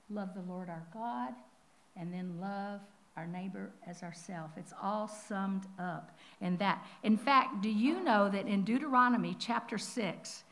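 A woman teaching the Bible in a sermon style. She is conversational and animated, with asides and rhetorical questions. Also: medium pitch, poor audio.

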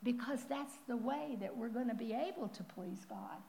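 Animated, chatty woman teaching the Bible. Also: on the high side, moderate pace, slight background noise, poor audio. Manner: conversational and animated, with asides and rhetorical questions. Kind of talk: sermon-style Bible teaching.

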